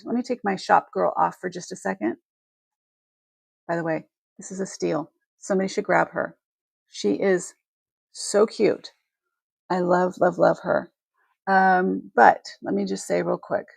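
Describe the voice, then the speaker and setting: A woman's voice: mid-range voice, measured pace, creaky, breathy edge, dry recording. A woman hosting a live selling stream, talking to her viewers in a heartfelt, rambling way with many restarts, emotional and close to tears.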